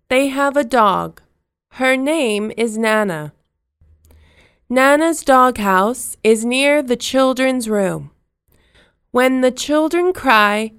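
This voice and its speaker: A woman narrating a children's storybook in simple, slow, clearly spoken sentences. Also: a little high, a bit bright, dry recording, studio quality.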